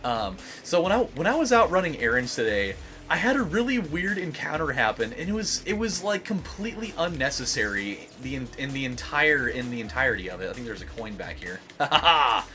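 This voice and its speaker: A man's voice: medium pitch, big pitch swings, brisk, bright, forceful tone, faint music behind. A young man giving casual gameplay commentary as a let's play host, rambling with lots of fillers and swearing.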